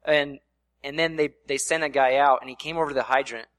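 A man's voice: medium pitch, steady tone, brisk, fairly bright tone, no room sound. Conversational male pastor, dry sound. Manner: conversational preaching with playful voiced asides. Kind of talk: sermon.

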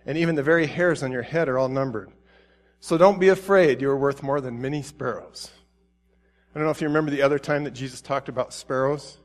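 A man preaching a sermon, reading scripture and acting out biblical figures with rising pleading intensity, then dropping to soft tender tones. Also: mid-range voice, a little fast.

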